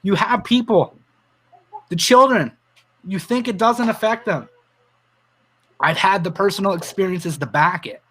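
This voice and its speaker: A man's voice: sits high, measured pace, long pauses, sharp tone, breathy edge. A Canadian man hosting a livestream, telling personal stories and reading viewer comments aloud in an earnest, emotional way. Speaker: livestream host.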